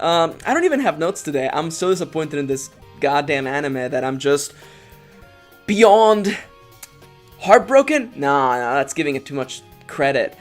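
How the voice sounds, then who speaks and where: A young man hosting a casual anime review, ranting with exaggerated forced excitement and sarcasm. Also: medium pitch. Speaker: anime reviewer, channel co-host.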